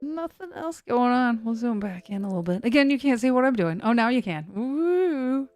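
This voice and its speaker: A woman's voice: a little high, animated, a little fast, a little mellow, no echo. A woman hosting a severe weather live stream, chatting loosely and poking fun at herself as she talks to her chat. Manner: rambling and self-mocking, talks to chat.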